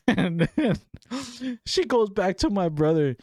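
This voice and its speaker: Young man telling a lively story. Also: mid-range voice, normal speed, no echo, clean studio sound. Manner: animated, acts out family members in raised voices. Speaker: podcast host. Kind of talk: casual storytelling.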